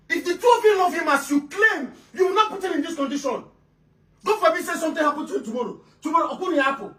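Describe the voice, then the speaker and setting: A woman playing an exasperated female relative who scolds two quarrelling wives, shouting and stammering repeats. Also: high voice. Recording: roomy room, voice from a distance.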